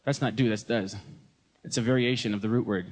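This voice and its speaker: A young American man in his twenties, giving a joking, animated sermon at a live concert and mimicking voices. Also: fairly low pitch, fairly quick. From United States. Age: 20s. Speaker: gospel singer preaching.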